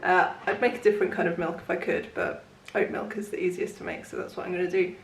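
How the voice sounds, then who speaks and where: A young woman, chatting casually in a home kitchen while filming a relaxed day-in-the-life vlog, rambling with frequent ums and little laughs. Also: fairly low pitch, quick pace, gravelly. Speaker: vlogger.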